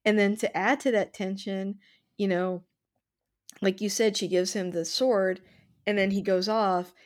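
A woman's voice: medium pitch, steady tone, a little slow. A woman co-hosting a casual chat, thinking aloud in a reflective way with filler words.

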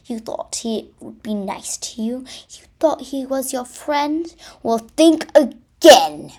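Lady putting on a loud mean badger guy, laughing at everyone, high and swingy. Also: big pitch swings, slow pace, exaggerated voice. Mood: taunting. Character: mocking gleeful male badger, bully.

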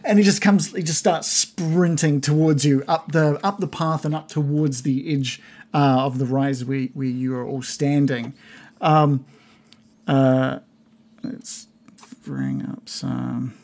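A game master narrating a tabletop game, pausing often and restarting his sentences. His voice is slightly husky and sits at a middle pitch. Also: fairly even intonation, darkish tone. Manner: hesitant, full of restarts.

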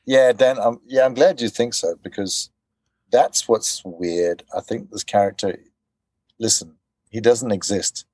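Low-voiced man telling animated stories. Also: measured pace, no room sound. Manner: animated storyteller, acts out quotes. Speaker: voice actor guest. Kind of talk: casual interview chat.

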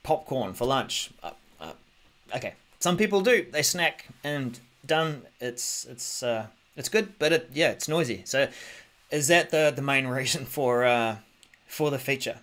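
A man's voice: medium pitch, animated, unhurried, fairly bright tone. Male podcast host, easygoing tech rundown into a desk mic, loose and full of ums. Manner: chatty, many ums and restarts, thinks aloud. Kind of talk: casual tech news commentary.

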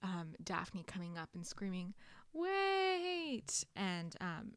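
A young woman co-hosting a podcast, calmly filling in plot details in casual chat about a book. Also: fairly low pitch, a little slow, no room sound, clean studio sound. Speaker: podcast co-host.

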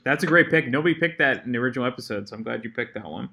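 A man's voice: mid-range voice, lively intonation, rapid-fire, creaky, bright, forceful tone. A man hosting a podcast who asks his guest movie questions and answers with short agreeing replies. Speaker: podcast host. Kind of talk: casual interview chat.

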